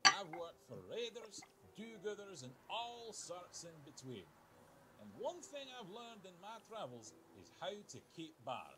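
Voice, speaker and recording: Playing a video game bartender applicant who fancies himself an adventurer, an actor tells tall tales with dry wit. His voice sits high and has a sing-song quality, moving at a measured pace over background noise.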